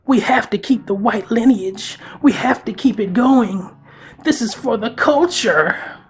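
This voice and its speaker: A man putting on a higher, nagging voice to mock a scolding young woman. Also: measured pace, husky, heavily acted. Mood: scornful mocking. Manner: nagging, scornful.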